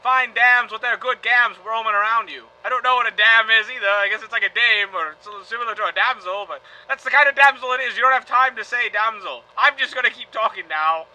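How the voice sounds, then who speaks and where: Guy doing a goofy fake newsreader accent, keeps tripping over words, super bright high voice. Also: a little fast, few pauses, rough recording. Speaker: podcast co-host. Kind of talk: mock news desk parody.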